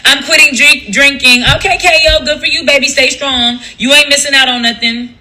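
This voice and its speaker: A man's voice: very high-pitched, fairly even intonation, fairly quick, bright, forceful tone, rough recording. A man hosting a livestream, ranting casually in a blunt, profane, gossipy way. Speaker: livestream host.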